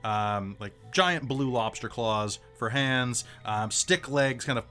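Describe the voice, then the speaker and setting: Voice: medium pitch, slow, pushed and bright, faint music behind. An American game master narrating a tabletop game in a loose, rambling way with many fillers and self-corrections. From United States.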